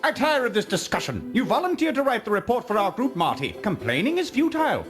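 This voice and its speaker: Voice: mid-range voice, sing-song, fast talker, natural voice. A voice actor playing a pompous, formal-speaking young student in a game cutscene, heard as game audio with music underneath. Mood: haughty.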